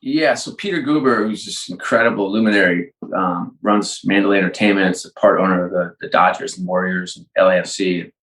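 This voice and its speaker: A man guesting on a podcast, telling animated stories and acting out both sides of the dialogues. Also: low-pitched, brisk, hardly any pauses, echoey room, low-quality recording. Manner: energetic storyteller, acts out both sides of dialogues. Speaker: guest, sports and entertainment executive. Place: home.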